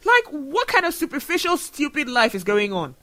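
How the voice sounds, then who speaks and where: A man's voice: very high-pitched, huge pitch swings, normal speed, sharp tone. A man from Nigeria, hosting a solo podcast and talking in an earnest, emotional way. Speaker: show host.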